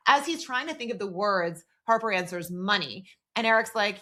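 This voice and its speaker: A woman's voice: medium pitch, animated, moderate pace, few pauses, bright, forceful tone. A woman co-hosting a podcast, casually recapping a TV episode and retelling scenes by quoting the characters' lines. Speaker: podcast co-host.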